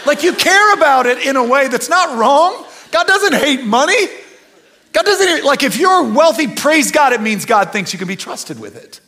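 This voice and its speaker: Animated bright-voiced pastor preaching. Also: male voice, very high-pitched, moderate pace. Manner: conversational, swings from quiet earnest to loud animated bursts. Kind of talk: sermon.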